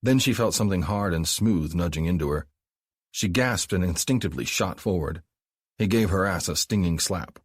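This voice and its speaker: A man narrating an audiobook in a calm, even storytelling manner. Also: low voice, normal speed, slightly rough, dry recording, clean studio sound. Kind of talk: scripted narration.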